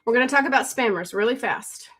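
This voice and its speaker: A woman hosting a phone live stream, pitching her courses fast and urgently, repeating herself and calling out viewers by name. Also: a bit bright, husky. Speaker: livestream host selling online courses.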